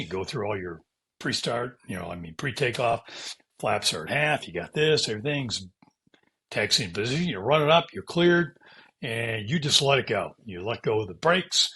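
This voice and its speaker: A man's voice: lowish voice, bright, forceful tone, breathy edge. An older American man, a former fighter pilot, telling stories in an interview, acting out radio calls and hissing brake sounds and swearing casually. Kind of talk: animated storytelling interview.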